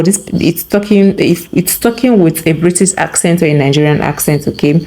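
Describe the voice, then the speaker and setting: A low-pitched woman narrates a screen-recorded software tutorial. She explains each step plainly and keeps checking in with a quick "okay?". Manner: instructive, tags remarks with "okay?". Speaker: tutorial host.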